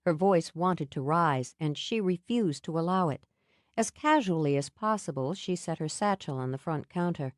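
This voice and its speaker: Female audiobook narrator, low voice, measured, dry close recording. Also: lively intonation, dry recording. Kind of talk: scripted narration.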